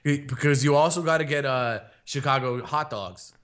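A man's voice: mid-range voice, normal speed, a bit bright. A young adult man co-hosting a podcast, chatting casually with crude jokes, swearing and frequent laughs. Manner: profane, joking, laughs often. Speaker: podcast co-host. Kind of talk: casual chat.

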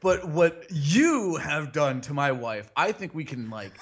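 A man's voice: a little high, animated, a little slow. A man hosting a casual chat, rambling and teasing his co-host with crude jokes and stammered restarts. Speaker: podcast host.

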